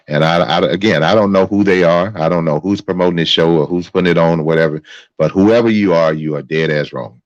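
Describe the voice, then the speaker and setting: A man's voice: deep voice, brisk, no echo. A male host giving angry, profane live-stream commentary, repeating himself as he vents. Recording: dry, dull lo-fi sound.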